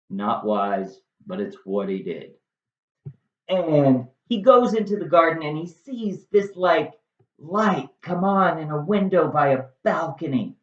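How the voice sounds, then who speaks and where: A woman's voice: low-pitched, expressive, a little slow. Sarcastic woman summarizing a play. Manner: sarcastic, chatty. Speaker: teacher-style storyteller. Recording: echoey room, slightly dull.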